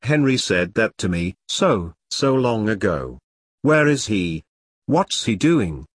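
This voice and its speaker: A man's voice: on the low side, sing-song, slow, no room sound, studio quality, full character voice. A man voicing a fierce, foul-mouthed woman in an audiobook, speaking bluntly and defiantly. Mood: tender. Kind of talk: audiobook character reading.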